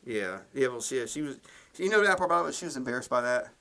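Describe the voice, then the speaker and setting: A man's voice: mid-range voice, expressive, fast talker, pushed and bright. A man co-hosting a casual podcast, telling rambling stories and laughing at them as he goes. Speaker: podcast co-host. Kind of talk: casual storytelling chat.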